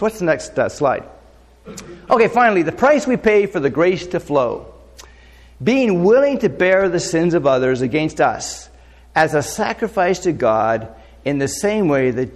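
A man's voice: fairly high pitch, big-room sound. A man preaching a sermon in a loose, conversational way, full of fillers and rhetorical questions. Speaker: pastor.

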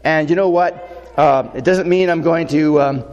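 A man's voice: fairly high pitch, a little slow, a little mellow, long reverb tail, highs cut off. A man preaching a sermon in a loose, conversational way, full of fillers and rhetorical questions. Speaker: pastor.

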